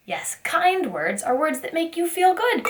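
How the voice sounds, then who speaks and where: A woman teaching a preschool circle time, asking gentle questions in a sing-song teacher voice. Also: extremely high pitch, sing-song, unhurried. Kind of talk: circle time lesson for young children.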